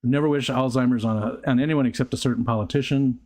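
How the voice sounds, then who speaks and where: Older male livestream host, casual halting chatter, reads comments and drifts between topics. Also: mid-range voice, steady tone, a little mellow. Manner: rambling, halting, with frequent restarts and fillers. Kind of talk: casual live chat reading viewer comments. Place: outdoors near a pond.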